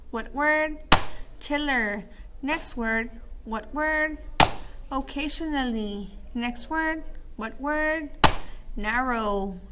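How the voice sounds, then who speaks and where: A woman's voice: high-pitched, heavy background noise. A woman teacher running a call-and-response word drill, then reading a story aloud with small slips and restarts.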